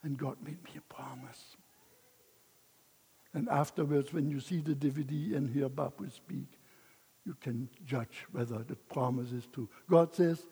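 A man's voice: medium pitch, a little slow, gravelly, dark tone, husky, in a large hall. An older man giving an emotional personal testimony as a missionary speaker, chuckling between lines.

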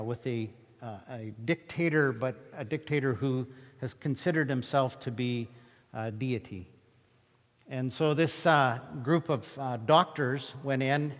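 A man preaching a sermon, telling Bible stories with animated, acted-out retellings of the scenes. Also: medium pitch, in a large hall. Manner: animated storytelling, acting out scripture scenes. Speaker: pastor.

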